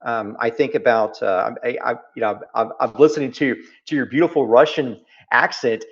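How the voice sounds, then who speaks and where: An earnest man with a Texas accent talks through ideas in an interview, repeating key phrases for weight. His voice sits at a middle pitch. The audio is a little dull and lo-fi. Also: fairly even intonation, normal speed. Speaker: interview guest. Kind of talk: reflective interview conversation.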